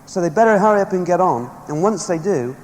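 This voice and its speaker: High-voiced man rallying a hall. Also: animated, brisk, a little mellow. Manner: emphatic, storytelling, rallying the audience. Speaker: motivational speaker. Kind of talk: motivational seminar speech. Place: large hall with a live audience. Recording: echoey hall, faint background noise.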